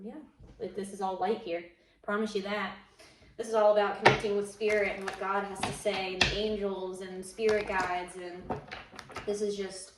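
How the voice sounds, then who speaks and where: A woman's voice: medium pitch, recorded from a distance, slight background noise. Rambling woman in an echoey room. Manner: rambling, heavy on "like" and "um". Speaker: tarot reader. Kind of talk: casual tarot reading monologue. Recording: echoey room, mic set back.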